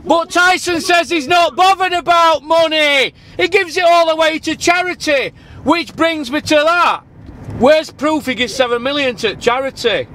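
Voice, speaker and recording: A man hosts his channel and argues hotly over the phone, badgering and swearing. His voice sits high, and there is a faint hum of noise behind him. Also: unhurried, pushed and bright. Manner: badgering, repeats "listen, mate", swears. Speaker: channel host. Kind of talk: heated phone argument.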